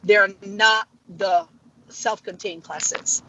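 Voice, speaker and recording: A woman, a middle school art teacher, telling classroom stories in casual chat and acting out the voices of the people she quotes. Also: very slow. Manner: animated, acts out quoted dialogue with big pitch jumps. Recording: slightly dull audio with faint noise.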